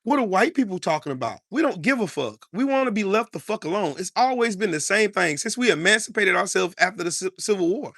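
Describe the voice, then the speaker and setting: A man's voice: sits high, expressive, fast, few pauses, a bit bright, no room sound, clean studio sound. An American man delivering heated political commentary in an angry, profane, repetitive rant.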